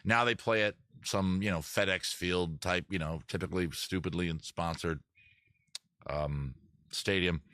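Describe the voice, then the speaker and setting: A man's voice: low-pitched, unhurried, fairly bright tone, dry recording, studio quality. A man from Maryland hosting a casual live stream, rambling and joking as he answers viewer chat and corrects himself mid-sentence. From Maryland, USA. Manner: rambling, self-correcting, jokey. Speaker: host.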